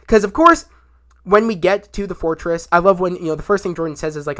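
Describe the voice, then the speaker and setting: A man's voice: high-pitched, fast talker, a bit bright. A young man giving a casual spoiler review of a TV episode, rambling with many fillers and restarts. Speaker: show reviewer.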